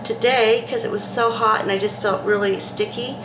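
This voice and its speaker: A woman talking casually to camera in a vlog, halting, with many fillers and restarts. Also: fairly high pitch, steady tone. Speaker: vlogger. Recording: echoey room with faint noise.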